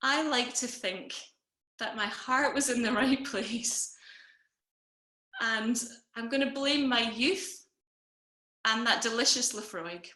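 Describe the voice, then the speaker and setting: A woman tells a comic personal story over a video call, with a wry, self-mocking delivery. Her voice sits a little high and rings bright and sharp. The room around her is echoey. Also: slow pace, pauses often. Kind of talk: personal story told to an online audience.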